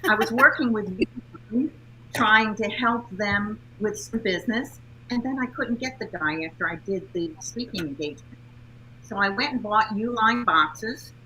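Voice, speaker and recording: Bright-voiced upbeat woman. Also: mid-range voice, normal speed, slight background noise, rough recording. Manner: upbeat, anecdotal. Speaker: guest speaker and author. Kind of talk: casual interview talk.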